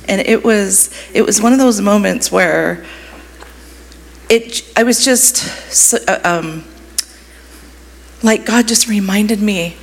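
A woman's voice: mid-range voice, measured pace. A woman youth ministry leader giving an emotional personal testimony in church, gushing and full of fillers. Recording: long hall reverb, faint room noise.

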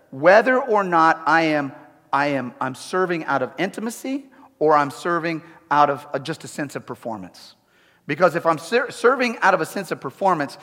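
A male pastor preaching a sermon in an animated style, repeating himself and throwing in humorous asides. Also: on the high side. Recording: echoey hall.

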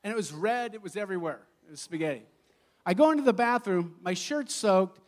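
Lead pastor, man, middle-aged; lively storytelling sermon delivery, laughs easily, higher-pitched voice. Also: fairly quick. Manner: animated, laughing, acting out stories.

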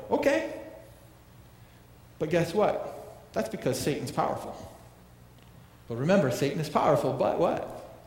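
Male pastor, fairly high voice, emphatic sermon delivery full of repeats and rhetorical questions, echoing hall. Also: big pitch swings, a little slow, pauses often, a little mellow. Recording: echoey hall reverb, faint ambience.

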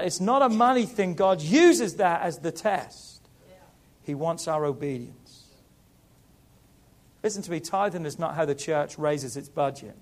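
A middle-aged man preaching a sermon as pastor, building emphasis through repeated rising phrases. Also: on the high side.

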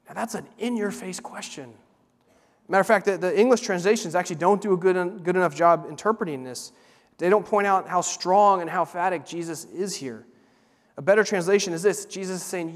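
A man preaching a sermon, earnest and emphatic, slowing down to repeat words for weight. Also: high-pitched. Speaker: pastor. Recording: long hall reverb.

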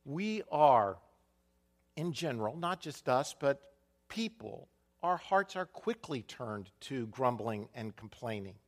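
A man preaching a sermon as pastor, animated, dropping to a quiet voice for emphasis and muttering to act out complaining people. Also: medium pitch, takes it slowly.

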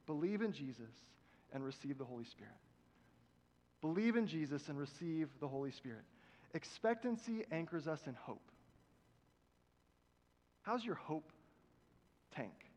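A male pastor preaching in a big church, his voice pitched high for a man and trailing a long reverb through the hall. He moves between loud, emphatic exhortation and quiet, prayerful passages. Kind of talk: sermon.

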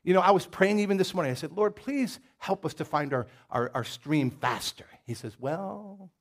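A man's voice: fairly high pitch, expressive, fairly quick. A man preaching a sermon in a folksy, conversational way, with jokes and stories and a Southern US accent. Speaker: pastor. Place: church.

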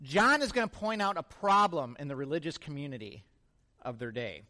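High-voiced joking male pastor. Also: animated, brisk, pushed and bright. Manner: conversational and joking, questions the congregation. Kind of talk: sermon.

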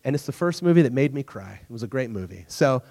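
Casual preacher in a reverberant hall. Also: male voice, mid-range voice, animated, quick pace, vocal fry, dark tone. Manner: conversational, acts out characters in the story. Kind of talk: casual sermon with storytelling.

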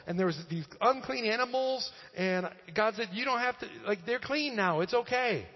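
A pastor doing an exasperated, defensive Peter. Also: male voice, extremely high pitch, moderate pace, pitched above the performer's own voice. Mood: earnest, defensive. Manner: animated, exasperated, matter-of-fact retelling. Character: apostle Peter, adult man, earnestly defending himself. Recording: echoey hall, dull lo-fi sound.

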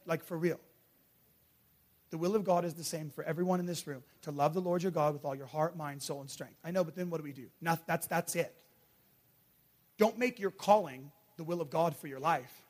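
A man preaching a passionate sermon to a church, swinging from loud urgent peaks to hushed, quiet lines. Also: fairly high pitch.

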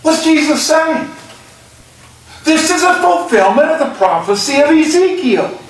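A man's voice: very high voice, very animated, unhurried. A male pastor preaching a sermon and reading Scripture with emphasis. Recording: echoey church sound from a distant mic.

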